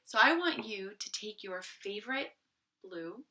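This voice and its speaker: A woman leads a gentle art lesson, praising small details and coaxing young students along as she works. Her voice is bright and clear. It is heard from a little way off the mic, in a roomy, echoing space. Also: mid-range voice, expressive, unhurried, far from the mic. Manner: gentle, encouraging, thinks aloud while drawing. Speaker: art teacher. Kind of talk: friendly step-by-step art lesson.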